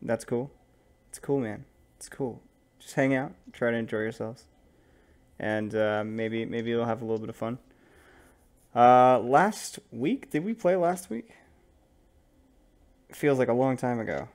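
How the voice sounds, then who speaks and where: A man narrating as game master of a tabletop game, relaxed and rambling, with frequent fillers. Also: medium pitch, unhurried, long pauses.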